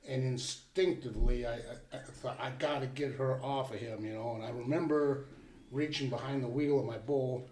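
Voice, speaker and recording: An older man of medium pitch recounts a tale in a plainspoken, folksy way. His voice rings with a roomy echo, as if he is sitting a bit back in the room. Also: fairly even intonation, normal speed, a little mellow, slight background noise. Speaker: guest. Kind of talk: casual storytelling.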